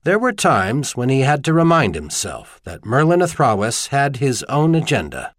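A man reading an audiobook in scripted narration, measured and expressive. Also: mid-range voice, no echo, clean studio sound.

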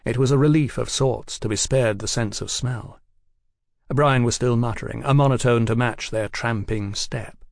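A man narrating an audiobook in an even, unhurried way. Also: medium pitch, vocal fry, dry recording, studio quality. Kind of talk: scripted narration.

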